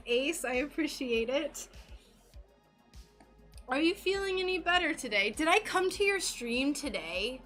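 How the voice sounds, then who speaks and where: An American woman livestreaming her stained glass craft, chatting casually and giggling as she greets viewers. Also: sits high.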